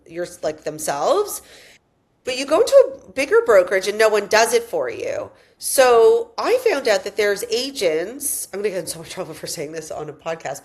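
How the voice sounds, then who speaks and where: A woman hosting a casual podcast chat, telling animated stories and wandering into tangents. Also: medium pitch. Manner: animated storyteller, goes off on tangents, acts out quotes. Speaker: realtor and podcast host.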